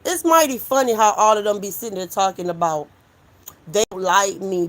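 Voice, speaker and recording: A woman's voice: mid-range voice, moderate pace. A woman hosting a casual livestream, talking bluntly and with lots of swearing. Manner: blunt, animated, profane. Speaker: livestream host.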